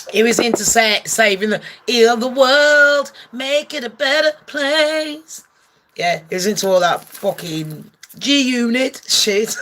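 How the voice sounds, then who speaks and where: A woman's voice: mid-range voice, bright, forceful tone. A woman giving comic gossip commentary as a vlogger, brash, profane and sarcastic.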